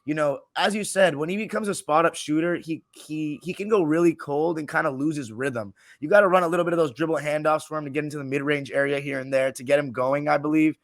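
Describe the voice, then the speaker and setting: A man's voice: on the high side, fast talker, few pauses, no room sound, clean studio sound. A man hosting a casual sports podcast, opinionated and jokey as he talks through the matchup. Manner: opinionated, jokey, lively when teasing. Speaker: podcast host.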